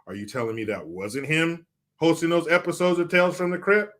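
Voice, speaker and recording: A man's voice: fairly high pitch, big pitch swings, fairly quick, fairly bright tone. A man reading viewer comments on a live stream, joking, swearing and mock-outraged.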